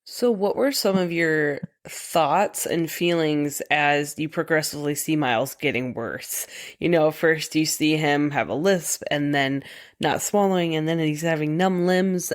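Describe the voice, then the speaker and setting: Low-voiced woman, gentle podcast host. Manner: gentle, attentive questioning. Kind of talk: conversational interview.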